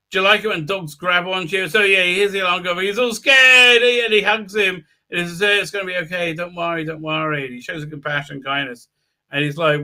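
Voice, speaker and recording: A man recaps a TV episode on his YouTube channel in a casual, sarcastic and crude way, peppering it with mocking asides and plenty of filler "uh"s. His voice is fairly high, bright and forceful.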